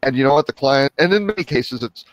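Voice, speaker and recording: A man's voice: mid-range voice, expressive, fast talker, dry recording. Man on a panel, dry close sound. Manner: reflective, asks for agreement with "right?". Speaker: show panelist. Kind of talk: casual panel talk.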